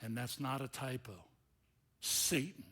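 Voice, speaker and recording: A male pastor preaching a sermon in an animated, conversational storytelling manner. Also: medium pitch, measured pace, husky.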